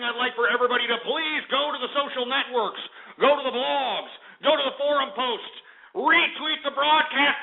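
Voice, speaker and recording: A man hosting a call-in radio show, ranting loudly and hurling insults at callers. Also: very high-pitched, vocal fry. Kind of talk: abrasive call-in radio talk. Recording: lo-fi phone-quality internet radio.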